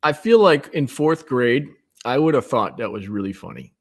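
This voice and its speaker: A man's voice: mid-range voice, animated, normal speed. Candid opinionated male guest on a call. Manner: opinionated, candid, self-deprecating. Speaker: guest, marketing executive. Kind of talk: casual video chat interview.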